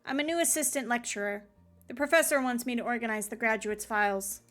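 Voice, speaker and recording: A woman's voice: on the high side, a little fast, fairly bright tone, faint music behind, lightly acted. A woman reading a new assistant lecturer. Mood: matter-of-fact.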